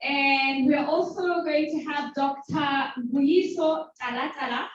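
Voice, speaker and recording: A woman in her forties from South Africa, hosting a talk and telling a personal story to a live audience, lively and playful. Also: high-pitched, takes it slowly, a little hiss or hum. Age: 40s. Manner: animated, playful, acts out voices of others. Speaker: host. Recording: very echoey hall from far off, dull sound.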